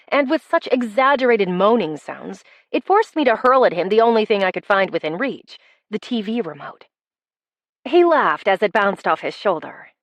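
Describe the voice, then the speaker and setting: A woman narrating a first-person romance audiobook with wry, expressive delivery. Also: medium pitch, dry recording.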